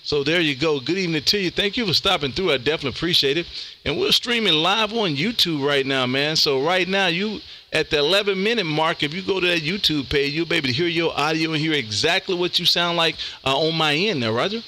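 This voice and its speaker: A man's voice: a little high, fast, pushed and bright, a little hiss or hum. A man, a ham radio operator chatting casually on air and calling CQ, laid-back and saying "man" a lot. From Texas. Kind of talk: casual radio chat and CQ calls.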